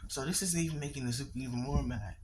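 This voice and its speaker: A man narrates a fan story casually at an ordinary pitch. He rambles, restarts his sentences and swears freely. The recording is noisy and full of clicks. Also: fast talker.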